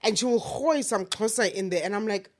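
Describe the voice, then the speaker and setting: Animated South African woman co-host. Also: mid-range voice, a little fast. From Cape Town, South Africa. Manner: animated storyteller, acts out loud quoted voices. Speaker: podcast co-host. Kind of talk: casual chat.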